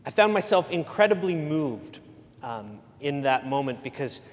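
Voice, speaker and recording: Male pastor, slightly high voice, casual storytelling sermon with ums, long church reverb. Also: sing-song, moderate pace. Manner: conversational storytelling with fillers.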